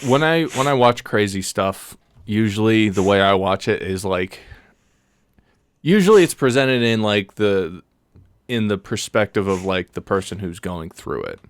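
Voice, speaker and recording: Low-voiced man telling a rambling story. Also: expressive, unhurried, clear, resonant tone, no echo, clean studio sound. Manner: rambling storytelling, laughs often. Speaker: podcast co-host. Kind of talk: casual podcast banter.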